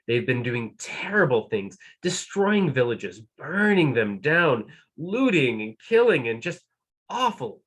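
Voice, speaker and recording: Anxious storybook king voiced by a man, pleading, breathy. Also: medium pitch, a bit bright, exaggerated voice.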